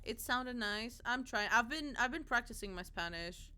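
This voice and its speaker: A woman's voice: a little high, expressive, normal speed, bright, forceful tone, a little hiss or hum. A young woman streaming a game, chatting playfully with viewers and slipping into Spanish. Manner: playful, giggly, switches into Spanish. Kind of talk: casual gaming stream chat.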